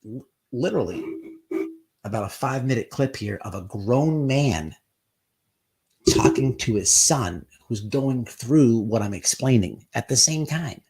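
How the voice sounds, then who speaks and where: A man's voice: medium pitch, expressive, a little mellow. A man hosting a live stream and rambling through casual, profane commentary. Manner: profane, rambling, quick to act out quotes.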